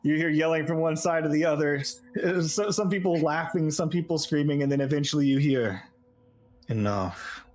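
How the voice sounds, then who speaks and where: A man narrating a tabletop game as game master, lively and quick to laugh. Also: on the high side, slight background noise.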